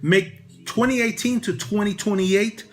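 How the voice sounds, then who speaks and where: A man's voice: high-pitched, fairly even intonation, measured pace. A man giving casual motivational advice to camera, rambling with many "you know" fillers. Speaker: real estate broker and channel host.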